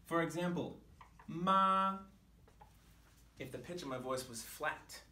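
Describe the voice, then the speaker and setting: A man, teaching a language lesson to camera in a clear, patient way, sometimes sounding out syllables at different pitches. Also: moderate pace, fairly bright tone. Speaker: Chinese teacher. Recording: echoey room, mic some distance off.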